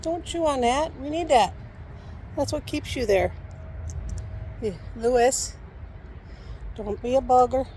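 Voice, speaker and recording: A woman's voice: high voice, slow, pauses often, a little mellow, a little hiss or hum. A woman talking in coaxing, affectionate baby talk to her puppy and parrot while walking outdoors, recorded on a handheld phone. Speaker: pet owner vlogger. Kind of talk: casual talk to her pets. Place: outdoors on a walk.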